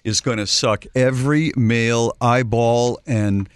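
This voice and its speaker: A man co-hosting a radio talk show, chatting in a relaxed, conversational way. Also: medium pitch, a little slow, clean tone, no echo. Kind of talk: casual morning show banter.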